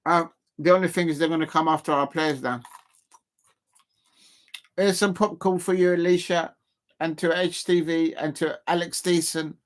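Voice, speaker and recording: A man's voice: fairly high pitch, steady tone, moderate pace, pauses often. A man streaming a live football reaction, chatty and laughing, calling out his viewers. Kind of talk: live match reaction commentary.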